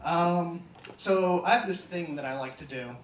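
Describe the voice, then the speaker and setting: A man's voice: fairly high pitch, a little slow, slight background noise. Young male student doing stand-up. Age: young adult. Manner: deadpan, hesitant with many ums. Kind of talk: stand-up comedy set. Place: live comedy stage. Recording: echoey hall, distant mic, audience laughter.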